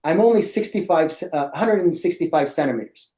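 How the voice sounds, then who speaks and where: A middle-aged man tells a lively story to a room of educators, acting out his own reactions. His voice is mellow and warm, and his pitch rises and falls a lot. The sound bounces around an echoey room. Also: a little fast. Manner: animated, acts out his own past reactions. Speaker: presenter for educators. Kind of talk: storytelling in a presentation.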